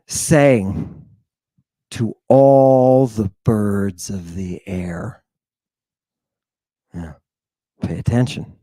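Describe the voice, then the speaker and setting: A man's voice: fairly low pitch, mellow, no echo. A man hosting a talk show, giving theatrical commentary on scripture with mocking, preacher-like calls to his audience and many rhetorical questions. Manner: rhetorical questions, drawn-out emphasis. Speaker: podcast host.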